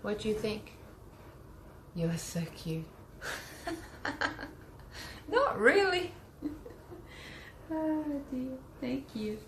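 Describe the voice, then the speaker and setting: Painting live, this Australian woman talks with viewers in a relaxed, friendly, teacherly manner, as fits an art teacher and vlogger. She is high-pitched with big pitch swings, speaking extremely slowly and pausing often; the room echoes and carries a faint hum.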